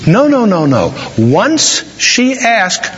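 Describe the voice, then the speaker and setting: A man preaching a sermon, telling a story and slowing down dramatically for emphasis. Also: sits high, huge pitch swings, slight background noise. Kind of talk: sermon with a told joke. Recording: dull, reverberant hall recording.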